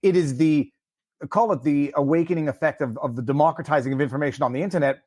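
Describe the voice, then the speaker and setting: A man's voice: fairly high pitch, darkish tone, no room sound, clean studio sound. Earnest man hosting a podcast. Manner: earnest, opinionated, lots of restarts. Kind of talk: casual podcast chat.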